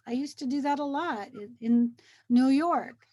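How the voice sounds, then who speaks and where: A woman's voice: sits high, a little slow. A woman in casual conversation, telling stories animatedly and acting out the things people say in a soothing or mimicking voice. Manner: animated storyteller, acts out quotes; soothing, gentle when quoting a child. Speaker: co-host. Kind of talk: casual chat.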